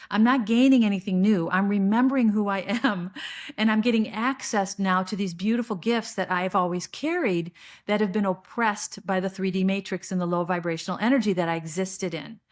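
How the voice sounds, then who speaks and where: A middle-aged woman hosting a podcast, speaking a solo spiritual monologue in an earnest, searching way, often restarting her sentences. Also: mid-range voice. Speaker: podcast host.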